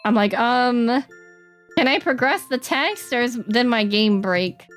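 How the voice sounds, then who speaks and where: A woman streaming a game, chatting casually and reading the dialogue aloud in quick playful voices. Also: on the high side, expressive, fairly bright tone, faint music behind.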